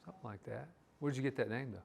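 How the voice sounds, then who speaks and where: A man teaching a live language class, explaining words in a relaxed, rambling way with many restarts. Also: mid-range voice, racing, gravelly, breathy edge.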